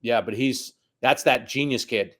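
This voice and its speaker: A middle-aged man, a high school soccer coach, telling stories in a casual conversation, acting out quotes and cursing now and then. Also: measured pace. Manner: animated storyteller, acts out quotes, swears.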